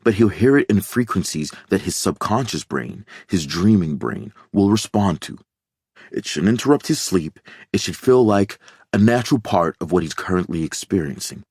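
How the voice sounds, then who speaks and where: Reassuring middle-aged doctor, read by a male narrator, slow, deep, a bit husky. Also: lively intonation, darkish tone, dry recording, studio quality, exaggerated voice. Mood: explaining. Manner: slow, soothing, reassuring baritone.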